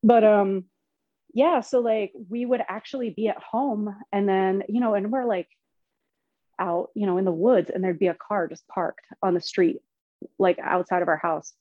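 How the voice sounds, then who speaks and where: A woman telling personal stories in casual chat, animated and swearing freely, laughing as she goes. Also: mid-range voice, normal speed, dry recording, narrow, tinny audio. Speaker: podcast guest. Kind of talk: casual storytelling.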